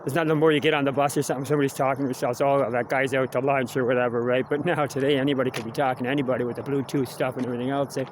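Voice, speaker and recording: A man's voice: mid-range voice, level tone, racing, hardly any pauses, a little hiss or hum. A man from Ontario with a Canadian accent, talking in a loose, wandering way while he walks outdoors and films himself for a live vlog. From Kingston, Ontario, Canada. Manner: chatty, wandering, tags "eh" onto sentences. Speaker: vlogger. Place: outdoors, walking near a quarry and cemetery.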